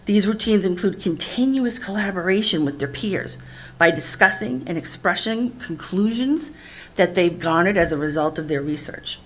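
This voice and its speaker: A woman, a district literacy administrator, reading a formal, measured presentation narration. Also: mid-range voice, animated, slight background noise.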